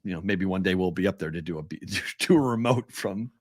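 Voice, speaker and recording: A man co-hosting a sports betting podcast, bantering enthusiastically in quick bursts of casual chat. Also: sits low, no echo, studio quality.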